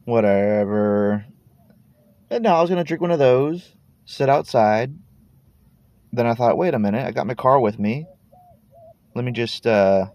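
Laid-back gravelly Texan guy in his thirties. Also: mid-range voice, a little mellow, muffled recording. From Texas. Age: 30s. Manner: laid-back, meandering, swears casually, trails off and repeats words. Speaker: podcast host. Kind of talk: rambling casual monologue. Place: sitting in his parked car.

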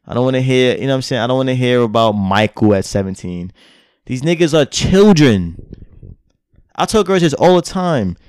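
A man's voice: mid-range voice, lively intonation, normal speed, darkish tone, clear, resonant tone, no room sound, studio quality. A young man co-hosting a podcast in casual chat, speaking in a blunt, profane way. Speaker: podcast co-host.

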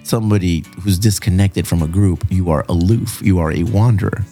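A man's voice: sits low, fairly quick, dark tone. A middle-aged man chatting casually on a podcast, teasing and profane, dropping Spanish phrases. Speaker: podcast co-host. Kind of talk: casual chat. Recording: faint guitar music behind.

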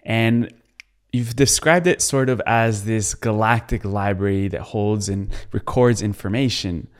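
Soft-spoken man hosting an interview. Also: lowish voice. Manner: soft, affirming, admiring. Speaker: podcast host.

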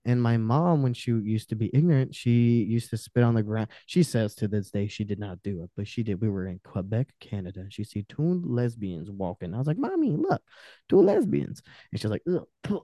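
A podcast guest of Romanian family background rants in a fairly low, dark voice, talking briskly with few pauses. His delivery is casual, heated, and emphatic, full of frequent swearing, captured in a dry, studio-quality recording.

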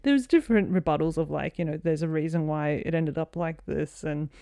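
Chatty Australian woman, low-ish voice. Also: brisk, creaky, dark tone, no room sound, studio quality. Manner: chatty, laughs often, lots of "like". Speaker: podcast co-host. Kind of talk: casual chat.

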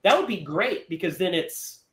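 A man chatting casually about an old movie, animated and quick to laugh as he recaps the plot. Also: high-pitched, roomy sound.

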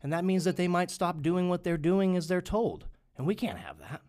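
A man's voice: sits high, moderate pace. A man hosting a podcast, chatting casually and ranting with plenty of swearing. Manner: profane, animated ranting. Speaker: podcast host.

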